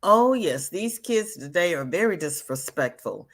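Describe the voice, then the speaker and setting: Chatting with viewers on her live crochet stream, this older woman speaks with a lowish, very animated voice at a measured pace. Her manner is casual, sassy, and emphatic, with frequent repetition.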